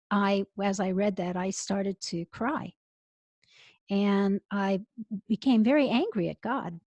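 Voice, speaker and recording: A middle-aged woman rabbi, telling an expressive story as an interview guest over earphones on a call. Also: mid-range voice, no room sound. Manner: expressive, builds to emotional peaks. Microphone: earphones with mic.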